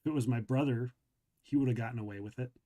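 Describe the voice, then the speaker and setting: A man's voice: a little high, brisk, a little mellow, slightly rough. A man voicing an angry, grieving adult son who is bitter about his family.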